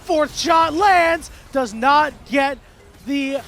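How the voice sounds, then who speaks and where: High-voiced excitable male esports caster. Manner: fast, excitable calls that swing to shouting. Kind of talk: play-by-play commentary.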